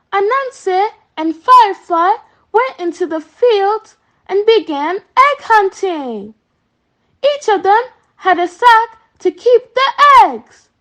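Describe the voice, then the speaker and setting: A woman reading a children's story aloud slowly and carefully. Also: very high voice, a bit bright.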